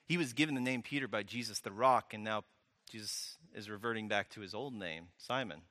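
A man's voice: fairly low pitch, a little fast, sharp tone. A man preaching a sermon as a pastor, conversational, asking the audience questions and adding wry asides, in a reverberant church hall.

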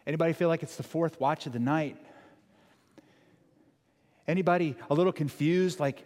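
A man preaching a sermon in a church, talking in an animated, conversational way with dramatic emphasis. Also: on the high side, normal speed. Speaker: pastor. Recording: long hall reverb.

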